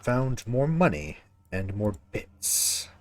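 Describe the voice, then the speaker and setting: A man's voice: medium pitch, big pitch swings, takes it slowly, slight background noise. A man streaming a video game, chatting casually with viewers and swearing when a fight goes badly. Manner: talks to viewers while playing. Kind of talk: casual gameplay commentary.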